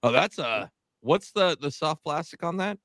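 A man's voice: fairly high pitch, expressive, normal speed, a bit bright, no echo, clean studio sound. A man co-hosting a podcast in casual chat, teasing and joking with the others. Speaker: podcast co-host.

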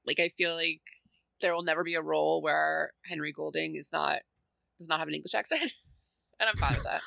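A woman guest on a podcast chatting casually as a film critic, tired but animated and gushing. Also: deep voice, fairly quick, gravelly, dry recording. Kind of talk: casual chat.

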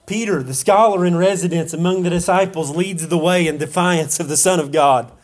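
A man's voice: high voice, fairly even intonation, fairly quick. A man preaching a sermon to his congregation in an earnest way, asking rhetorical questions and often restarting and repeating words. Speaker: pastor.

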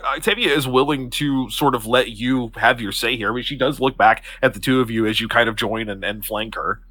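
A man's voice: mid-range voice, fairly quick, bright, forceful tone. A man narrating a tabletop game as game master, in a casual way with frequent laughter.

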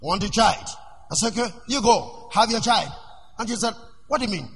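A man preaching a sermon as pastor, emphatic and repetitive, rising into shouts. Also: high voice, expressive, normal speed, slight background noise. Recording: long church reverb.

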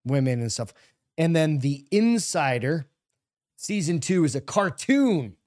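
A man's voice: a little high, sing-song, measured pace, a little mellow, no room sound. Male podcast co-host, casual profane banter, middle-aged, dry close mic. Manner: loose, profane banter, reads news items aloud. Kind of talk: casual chat.

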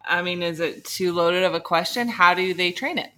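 A woman interviewing in a casual talk, with a bright, forceful tone. She answers briefly and attentively and keeps the conversation moving. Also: on the low side, normal speed.

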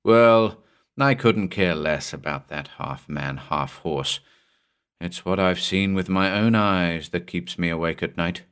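A man narrating a horror story in a measured, dramatic way. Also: low voice, a bit bright, clear, resonant tone. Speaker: narrator and host.

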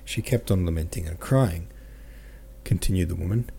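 A man narrating a classic novel as an audiobook reader, in a measured, steady manner. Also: sits low, gravelly, slightly rough.

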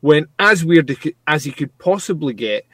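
A man co-hosting a casual TV review podcast, excitable and swearing freely. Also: on the high side, unhurried, no echo. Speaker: podcast co-host.

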